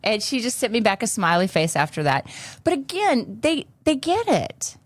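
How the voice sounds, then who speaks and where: A woman's voice: fairly high pitch, very animated, moderate pace, no echo. A woman hosting a podcast in candid casual chat, blunt and salty, cussing freely. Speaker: podcast host.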